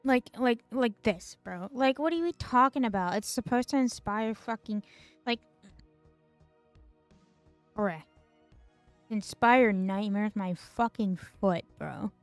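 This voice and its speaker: A woman streamer vents in loose, sarcastic commentary, full of fillers and swearing. Her voice sits a little high, and the sound is dry and close. Faint music plays behind her. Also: lively intonation, takes it slowly, pauses often, no echo. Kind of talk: casual ranting stream commentary.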